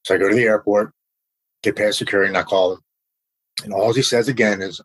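A man with a low, husky voice recounts a personal story. He speaks in an earnest, unpolished way, halting and repeating words as he goes. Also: steady tone, a bit bright, low-quality recording.

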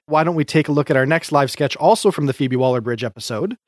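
A man's voice: on the high side, fast, no room sound, clean studio sound. A man co-hosting a casual podcast, reviewing comedy sketches in a chatty, hesitant way with frequent restarts.

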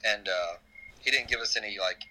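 A young man, telling his story as a podcast guest. His low voice has a sharp, bright edge. He talks in halting bursts and often restarts his sentences. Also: no room sound, low-quality recording. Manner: halting, full of fillers and restarts. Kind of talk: casual podcast chat.

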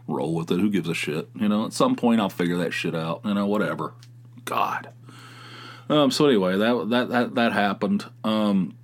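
Rambling, self-mocking man podcasting solo. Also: lowish voice. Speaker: podcast host. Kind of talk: casual solo chat. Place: home office.

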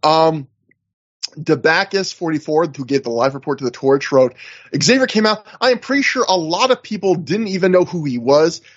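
Chatty man recapping, a bit lo-fi. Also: fairly high pitch. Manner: chatty, recounting in detail with many fillers. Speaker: podcast co-host. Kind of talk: casual recap chat.

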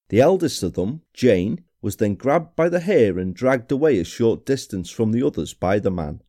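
A man hosting a podcast, telling a true-crime story in a measured, somber way. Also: medium pitch, mellow. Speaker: podcast host. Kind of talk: scripted true-crime narration.

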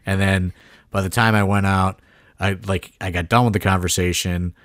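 A man's voice: deep voice, steady tone, moderate pace, fairly bright tone, no echo, clean studio sound. A man, a wrestling promoter, telling a story on a podcast in a rambling, profane way, full of "like" fillers and laughing as he goes.

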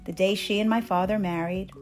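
A woman from Soviet Ukraine reads her own personal essay aloud. Her delivery is measured and candid, at a medium pitch, with faint music underneath. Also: steady tone. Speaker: essay author reading her own story.

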